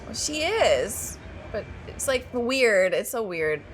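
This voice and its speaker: A woman's voice: a little high, big pitch swings, slow, slight background noise, low-quality recording. A woman co-hosting a reaction video, chatting casually, laughing often and restarting her sentences.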